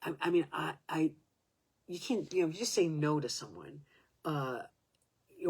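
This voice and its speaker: A woman in her seventies telling a personal story in a halting way, restarting sentences and sometimes dropping to a whisper. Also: low-pitched, expressive, a little mellow, slightly rough. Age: 70s.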